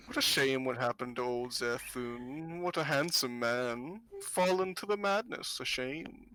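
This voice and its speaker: A woman's voice: very deep voice, a bit bright. A woman voicing a sly old female fortune teller who teases and cackles. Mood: mock pity. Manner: cackling, teasing, drawn-out purring.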